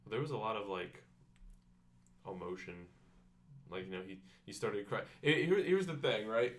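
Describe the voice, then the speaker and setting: Excitable young man chatting wrestling. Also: lowish voice, normal speed. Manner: excitable, acts out quotes, laughs often. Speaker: podcast co-host. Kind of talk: casual chat.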